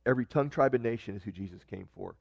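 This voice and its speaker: A man's voice: medium pitch, rapid-fire, gravelly, dry recording, muffled recording. A man preaching a sermon in a conversational way, reading scripture and often restarting his sentences. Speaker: pastor.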